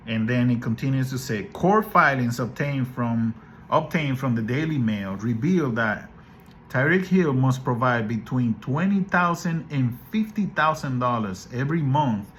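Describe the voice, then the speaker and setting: A man's voice: mid-range voice, a bit bright. Guy ranting on his channel, keeps restarting, mid voice, bit of hum in the back. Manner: opinionated, incredulous, rambling with restarts. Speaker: podcast host. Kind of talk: casual commentary vlog.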